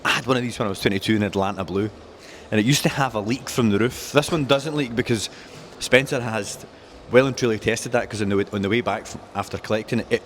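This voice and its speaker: A man's voice: on the low side, fast, fairly bright tone, slight background noise. A man presenting cars at a dealership in casual, jokey chat, rattling off specs with enthusiasm. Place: car dealership.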